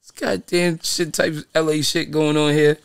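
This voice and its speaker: A blunt New man in his thirties hosts a casual advice talk. His voice sits a bit high for a man, and he swears freely as he tells stories. The recording is close and dry, with no room sound. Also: flat delivery, moderate pace, creaky, clean tone, no room sound. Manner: blunt, profane, storytelling with quoted voices. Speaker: podcast host.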